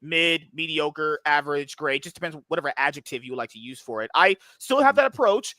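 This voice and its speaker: A man with a bright, fairly high voice hosts a loose podcast chat, crude and joking, swearing as he goes. The sound is dry and close on the mic, with no room around it. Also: lively intonation, brisk, no echo. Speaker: podcast host. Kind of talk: casual chat.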